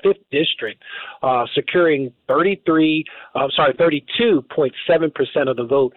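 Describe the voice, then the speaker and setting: Halting male talk-radio host, phone-thin sound. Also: fairly high pitch, no echo. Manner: halting, stumbles and restarts over words. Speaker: radio call-in show host. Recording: narrow phone-like radio audio.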